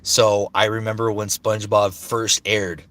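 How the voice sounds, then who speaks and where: A man's voice: lowish voice, level tone, measured pace, fairly bright tone. A man in his thirties, a voice actor chatting casually on a livestream, rambling and swearing freely. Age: 30s. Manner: rambling, searching for words.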